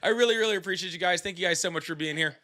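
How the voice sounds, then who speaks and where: Bright, excitable male livestream host. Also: sits high, rapid-fire. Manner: joking, excitable, laughs often. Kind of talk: casual live call-in chat.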